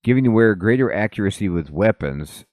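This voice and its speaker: A man's voice: lowish voice, expressive, brisk, a little mellow, no echo. A man giving casual, offhand commentary while playing a game, with many ums. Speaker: let's play host.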